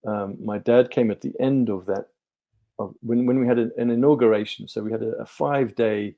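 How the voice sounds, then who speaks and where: Mellow-voiced man telling stories. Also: mid-range voice, steady tone, brisk, creaky. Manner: rambling, many ums and restarts. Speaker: podcast guest, life coach. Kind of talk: relaxed storytelling interview.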